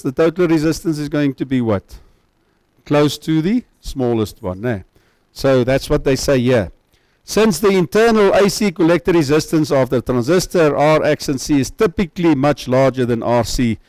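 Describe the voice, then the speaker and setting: A man's voice: a little high, a little mellow, dry recording, low-quality recording. A man giving a university lecture, often checking that students follow with tag questions.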